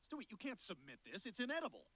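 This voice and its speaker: A man's voice: high-pitched, wildly swooping pitch, fast, pushed and bright, breathy edge, exaggerated voice. A man voicing a sarcastic talking dog in a cartoon, with a dry delivery.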